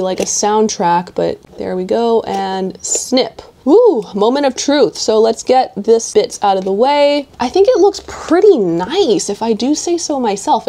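A woman's voice: medium pitch, warm tone. A woman hosting a knitting tutorial, chatty and playful, adding little snipping sounds as she works.

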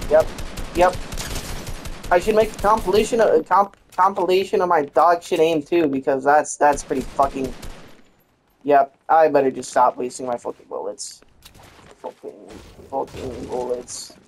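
Gaming channel host, female, low register, frustrated swear-heavy play-by-play. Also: fairly even intonation, moderate pace, slight background noise. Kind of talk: gameplay commentary.

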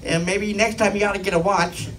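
A middle-aged man doing a stand-up comedy set, rambling and deadpan with filler asides. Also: sits high, brisk, far from the mic, background noise.

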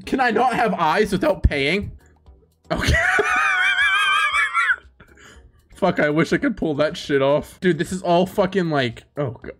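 A young man giving casual, profane gaming commentary in an excitable way, breaking into loud laughter. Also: fairly high pitch, normal speed, soft background music. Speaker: streamer.

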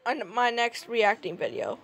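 A woman hosting a reaction video in casual commentary, excitable and teasing as she talks to what she watches. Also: on the high side, moderate pace.

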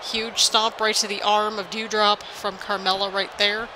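A woman's voice: mid-range voice, little pitch movement, unhurried, noisy background. A young woman hosting a gaming channel, chatting casually and rambling as she comments on a wrestling game. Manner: chatty, rambling, laughs often. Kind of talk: casual let's-play commentary.

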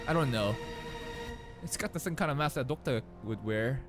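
A man hosting an anime reaction video, excitably thinking out loud and laughing often. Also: mid-range voice, brisk, over music. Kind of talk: live reaction commentary.

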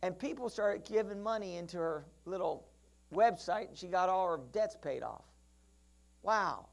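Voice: mid-range voice, lively intonation, moderate pace, vocal fry. A pastor preaching a sermon, telling stories and acting out characters, calling out to the congregation for responses and often restarting mid-phrase. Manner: storytelling, acting out Bible characters; frequent restarts and asides.

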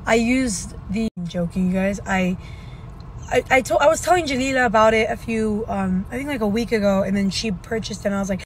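A woman's voice: medium pitch, a little fast, slight background noise, rough recording. A young woman and mother talking casually to camera in a vlog, chatty and worn out as she vents about her day. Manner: chatty, tired, venting. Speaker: vlogger and mother. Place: at the gym, faint ambient noise.

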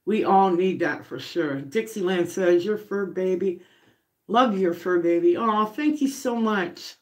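A woman's voice: on the low side, measured pace. A middle-aged woman, chatting casually on a home livestream while baking and reading viewer comments aloud. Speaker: livestream host.

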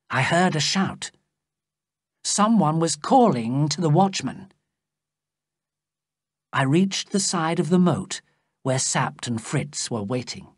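A narrator reading a graded story aloud slowly and plainly for English learners. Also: dry recording, studio quality. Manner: slow, clear storytelling with lively pitch. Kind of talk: slow scripted audiobook narration for English learners.

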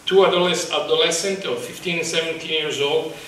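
A male photographer speaking about his exhibit in a halting, passionate way, searching for words, at a microphone. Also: fairly high pitch, steady tone, fairly bright tone, a little hiss or hum. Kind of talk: emotional public talk. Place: exhibit talk at a college, indoors. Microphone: microphone in front of him. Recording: echoey room, distant mic.

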